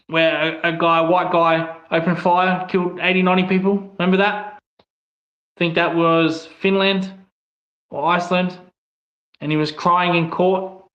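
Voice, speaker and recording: Speaking in a high, fairly bright voice, an Australian man rants angrily and bluntly as an online commentator, with frequent swearing throughout. The room sound is echoey and somewhat dull.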